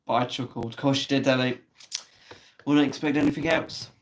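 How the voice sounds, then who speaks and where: A man's voice: mid-range voice, steady tone, fairly quick, background noise. A man hosting a casual live stream, chatting and teasing viewers and swearing freely. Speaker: livestream host. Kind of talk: casual live chat reading comments.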